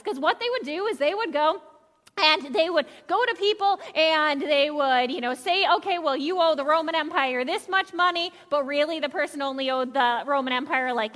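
Animated woman preaching in a reverberant church. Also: high voice. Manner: animated, leads the congregation in shouting lines. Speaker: pastor. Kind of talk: children's sermon. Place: church sanctuary.

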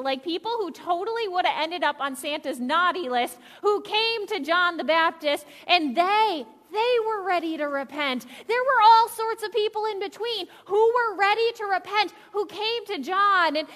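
A high, bright woman's voice rings through a church with a long reverb. She preaches in a lively, playful way and urges her listeners to yell lines along with her. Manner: animated, leads the congregation in shouting lines. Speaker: pastor. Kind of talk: children's sermon. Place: church sanctuary.

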